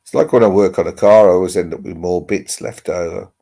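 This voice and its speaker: A man rambles through a casual chat with his viewers, dropping the odd mild swear word. His low voice has a gravelly edge. He talks into a laptop microphone at home. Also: fairly even intonation, a little fast, mellow. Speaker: livestream host. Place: home, seated with laptop on lap.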